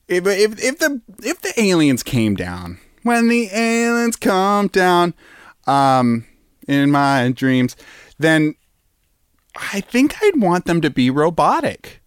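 A man's voice: a little high, clear, resonant tone, dry recording, clean studio sound. A man hosting a show alone, rambling playfully with lots of fillers and restarts. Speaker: podcast host. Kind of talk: casual solo rambling.

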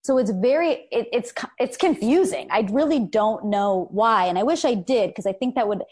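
A woman's voice: a little high, expressive, moderate pace, a little mellow. A young adult woman, a podcast guest, talking openly and reflectively with many fillers and restarts. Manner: open, self-reflective, frequent fillers and restarts. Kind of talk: candid conversational interview.

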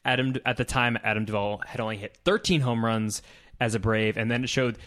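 A man's voice: mid-range voice, brisk, a bit bright. A man in his twenties co-hosting a casual sports podcast into a studio mic, rattling off game results and laughing easily. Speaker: podcast co-host. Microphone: studio mic with pop filter.

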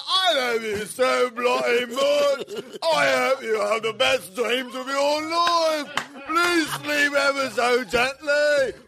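A man's voice: extremely high pitch, vocal fry, pitched above the performer's own voice, heavily acted. A man voicing a doting mother with a Liverpool accent, tucking her son in at bedtime.

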